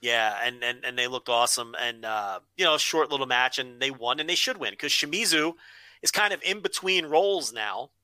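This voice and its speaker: A man's voice: mid-range voice, normal speed, pushed and bright, clean tone, dry recording. A man co-hosting a casual wrestling podcast, blunt and opinionated, swearing freely. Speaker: podcast co-host.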